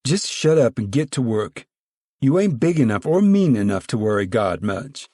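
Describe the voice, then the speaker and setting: A man's voice: mid-range voice, big pitch swings, moderate pace, dark tone, no room sound, studio quality, voice pushed up. A man reading aloud and voicing a stern, weary mother of a poor farm family, scolding in a rural drawl.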